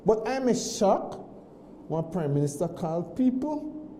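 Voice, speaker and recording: A man with a very dark, mellow voice tells a story in an animated way, doubling back on his words. He sits a little above the usual male pitch, and the studio around him is roomy and echoey. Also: a little slow, a little hiss or hum. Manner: animated, repeats himself, many restarts. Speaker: guest. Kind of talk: casual storytelling on a morning show.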